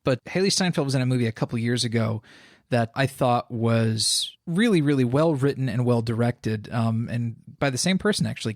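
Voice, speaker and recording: A man co-hosting a film podcast, giving enthusiastic recommendations in a casual chat. His pitch is average for a man. The recording is dry and close. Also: dry recording. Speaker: podcast co-host.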